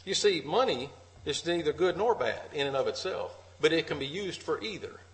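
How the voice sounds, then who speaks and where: A man's voice: on the high side, animated, moderate pace, rough recording. A man preaching an earnest sermon at a church meeting, repeating key phrases for emphasis.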